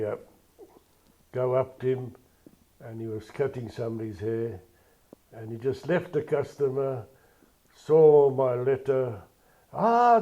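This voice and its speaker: Older man, from south africa, mellow warm voice, plainspoken, rambling memories. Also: mid-range voice, slight background noise. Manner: plainspoken, digressive storytelling. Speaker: interviewee. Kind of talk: oral history interview.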